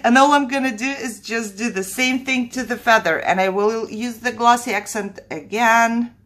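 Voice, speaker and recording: A woman's voice: on the high side, moderate pace, fairly bright tone. A middle-aged woman hosting a casual craft tutorial at home, chatting, laughing often and second-guessing herself. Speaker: crafting channel host.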